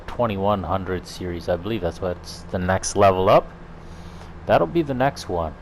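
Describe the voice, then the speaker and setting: A man hosting his gaming channel, chatting in a relaxed, rambling way over his farming gameplay, thinking out loud as he goes. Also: deep voice, slight background noise. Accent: slips into a put-on Irish lilt. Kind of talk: casual gameplay commentary.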